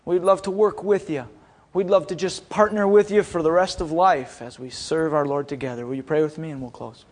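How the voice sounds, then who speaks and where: Man, high voice, young adult, animated storytelling sermon, acts out quotes, chapel speaker. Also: a little fast.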